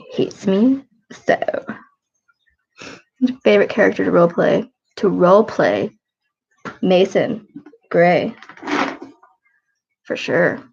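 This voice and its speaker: A tired, sniffly woman in her twenties rambles through casual livestream chat, low-key and self-deprecating. Her voice has a gravelly, creaky edge. The audio is dull and lo-fi. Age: 20s.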